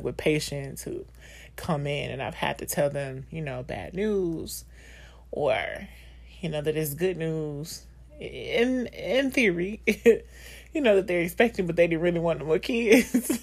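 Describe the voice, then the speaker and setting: A woman in her thirties with a low, husky voice hosts a podcast. She speaks candidly and emotionally in a personal monologue packed with fillers and laughter.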